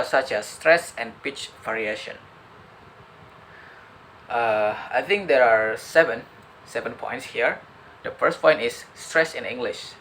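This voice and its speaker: A young man, a student with an Indonesian accent, summarizing a lecture in halting speech with many fillers and restarts. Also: mid-range voice, fairly bright tone, a little hiss or hum, rough recording. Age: young adult. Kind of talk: student summary of a lecture, partly read aloud.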